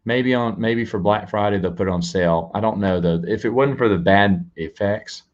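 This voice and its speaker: A man hosts a casual live stream, rambling and restarting his words as he chats directly with viewers and reads out donations. His voice is lowish at a normal speed, and the sound is lo-fi.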